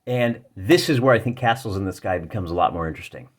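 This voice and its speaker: A man's voice: lowish voice, animated, fast talker. A man hosting a tabletop wargaming video, chatting casually and jokingly as he explains the rules and rolls dice at the table. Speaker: wargaming channel host. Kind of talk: casual tabletop game walkthrough.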